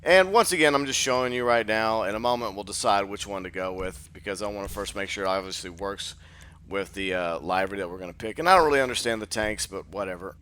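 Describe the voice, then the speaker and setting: Male host, low-pitched and smooth, drowsy, rambling game walkthrough. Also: fast, sharp tone. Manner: rambling, filler-heavy, thinks aloud. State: sleepy, just woke up. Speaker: gaming channel host. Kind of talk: casual gameplay commentary.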